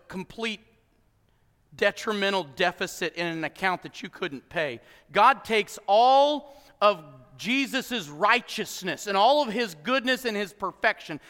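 A male pastor preaching a sermon, swinging from shouted emphasis to quiet low asides and joking with the congregation. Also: clean tone, big-room sound. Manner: emphatic preaching, bursts into shouts then drops low and soft. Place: church hall with congregation.

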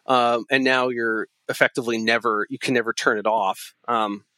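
Halting, self-deprecating man on a podcast. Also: mid-range voice, fairly even intonation, bright, forceful tone, no echo. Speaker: podcast guest. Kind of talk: casual chat.

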